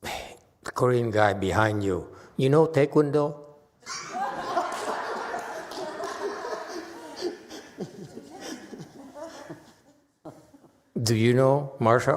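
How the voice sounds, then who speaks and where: A man's voice: medium pitch, huge pitch swings, extremely slow, pauses often, a little hiss or hum. Blunt, scolding male meditation master. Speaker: meditation master answering questions. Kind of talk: dharma talk with Q&A. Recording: long hall reverb.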